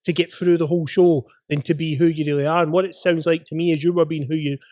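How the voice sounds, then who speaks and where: A man's voice: a little high, little pitch movement, quick pace, a little mellow, no room sound, clean studio sound. A man hosting a podcast, asking probing follow-up questions in a casual interview. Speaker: podcast host.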